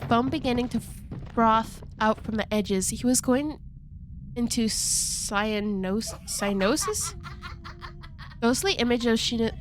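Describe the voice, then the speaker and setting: Woman streamer reading a game aloud, giggly playful asides, stifled laughs, fairly high voice, faint background hiss. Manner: giggly, playful asides, stumbles over words; holding back laughter, kept quiet at night.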